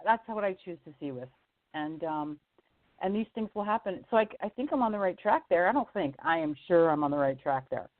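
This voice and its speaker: A woman's voice: brisk, no room sound. Chatty woman telling stories over a phone line. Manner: animated storyteller, jumps into high voices for quoted people, laughs often. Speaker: singer-songwriter guest. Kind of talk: casual storytelling on a radio interview. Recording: tinny phone line, dry.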